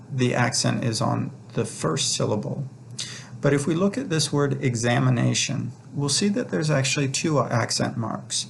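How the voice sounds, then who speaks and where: A man teaching a recorded lecture over slides, talking in a relaxed way with many fillers and restarts. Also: mid-range voice, a little hiss or hum. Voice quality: gravelly, creaky. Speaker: instructor.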